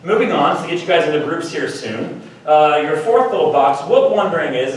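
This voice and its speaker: A man's voice: on the high side, expressive, fairly quick, hardly any pauses, far from the mic. A man giving a chatty youth talk at a church meeting, acting out quotes with playful voices. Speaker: youth speaker at a church high school meeting. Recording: very echoey room from afar with faint noise.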